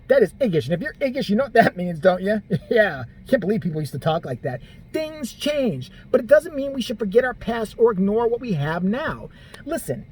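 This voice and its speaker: Animated, profane male vlogger ranting. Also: a little hiss or hum. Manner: exasperated, crude, swears constantly; animated, jumps between high and low pitch. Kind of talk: profane comedic rant.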